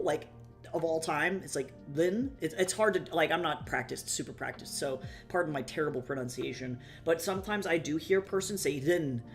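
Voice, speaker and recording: A young adult streamer in casual live-stream chat, rambling and swearing casually while talking to viewers. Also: mid-range voice.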